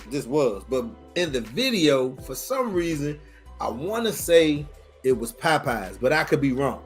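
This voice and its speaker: Brief: forties male podcast host, lively swooping delivery, cusses freely, exasperated commentary. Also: a little high, breathy edge. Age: 40s. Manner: profane, exasperated, animated.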